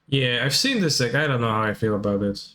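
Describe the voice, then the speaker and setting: A man's voice: mid-range voice, fairly quick. Russian-accented man streaming card games. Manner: relaxed, answers chat questions, swears casually. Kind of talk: casual live-stream commentary.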